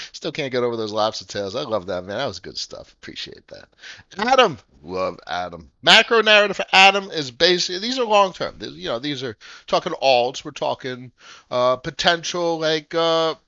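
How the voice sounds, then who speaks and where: A man in his thirties hosting a casual crypto livestream, brash, profane and excitable. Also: a little high, normal speed, no room sound, highs cut off. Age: 30s.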